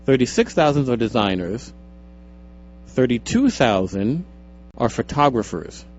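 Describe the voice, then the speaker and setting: A man's voice: mid-range voice, very animated, a little slow, darkish tone, soft background music. A man co-hosting a radio show, reading statistics from a report aloud in casual chat and cracking jokes along the way. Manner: jokey, wanders off into asides while reading figures. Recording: dull lo-fi radio stream.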